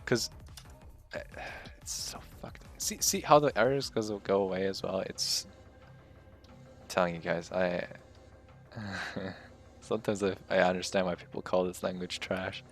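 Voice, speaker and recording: Gravelly, exasperated man live-coding on stream. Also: low-pitched, a little slow, soft background music. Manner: swears, mutters, laughs at his own frustration. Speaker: livestreaming game developer.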